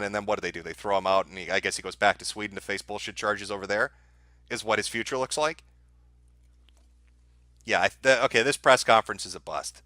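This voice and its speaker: On his livestream, a man launches into an angry, expletive-heavy rant about his subject. His voice sits on the low side, sounding pushed and bright, with no room sound.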